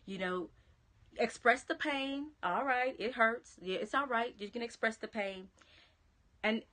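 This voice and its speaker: On a live stream through a phone or webcam, a Southern American woman who works as a motivational speaker chats with viewers in an encouraging pep talk, whispering key phrases. She speaks a little slowly in a fairly high, bright, forceful voice.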